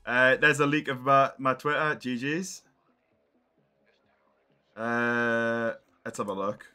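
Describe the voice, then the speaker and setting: A man's voice: medium pitch, fairly even intonation, slow pace, pushed and bright, clear, resonant tone, faint music behind. A young man reacting on a live stream, exasperated and swearing as he thinks aloud.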